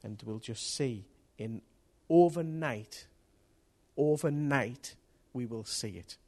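A man's voice: on the low side, fairly even intonation, unhurried, breathy edge. Impassioned male preacher. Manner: impassioned, rising to loud outbursts. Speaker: pastor. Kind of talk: sermon. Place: church hall with congregation.

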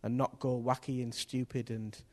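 A man preaching a sermon to a congregation, impassioned and building to loud bursts. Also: medium pitch, little pitch movement, moderate pace. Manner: impassioned, rising to loud outbursts. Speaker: pastor. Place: church hall with congregation.

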